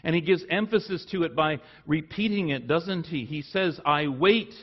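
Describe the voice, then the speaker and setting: Earnest male preacher, muffled recording. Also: normal speed. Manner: earnest preaching, rising for emphasis then dropping low and soft. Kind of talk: sermon.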